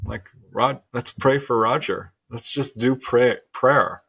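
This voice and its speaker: A middle-aged man as a guest, telling a personal story earnestly and with animated laughs. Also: mid-range voice, measured pace, gravelly, husky. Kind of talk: storytelling interview.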